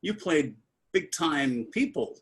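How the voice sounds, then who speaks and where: A man's voice: a little high, very animated, takes it slowly. A man in his seventies from Brooklyn, interviewing a guest over a video call in an effusive, emotional way. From Brooklyn, New York. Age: 70s.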